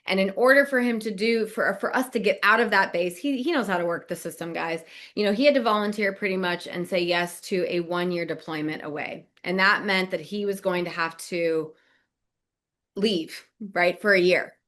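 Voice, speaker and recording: A woman's voice: lowish voice, normal speed. A middle-aged woman from Nebraska, co-hosting a podcast and telling a story casually, acting out quoted lines and laughing often. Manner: animated, laughs often, acts out quoted dialogue. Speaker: podcast co-host, business coach.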